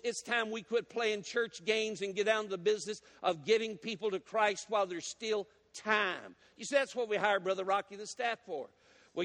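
A man preaching a sermon as a guest, folksy and animated as he tells stories and teases the congregation. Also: high voice, in a large hall. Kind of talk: sermon with storytelling. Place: church sanctuary.

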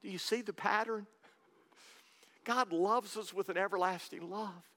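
A man's voice: sits high, a little slow, sharp tone, in a large hall. A man preaching a sermon, reading scripture and pressing his point with a rising, repetitive cadence. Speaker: pastor.

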